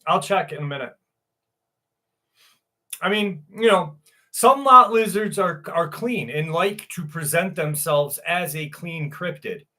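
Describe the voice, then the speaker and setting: A man chats loosely on a livestream, tossing off crude jokes and greeting viewers by name. His voice sits a little high and sounds bright and forward. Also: animated, a little slow. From New York. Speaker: livestream host. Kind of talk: casual livestream chat.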